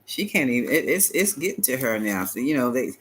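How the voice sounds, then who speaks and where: A man giving a live-stream tarot reading, chatty and animated, talking back to viewers and laughing often. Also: medium pitch, fairly quick, slightly rough, rough recording. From United States. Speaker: tarot reader.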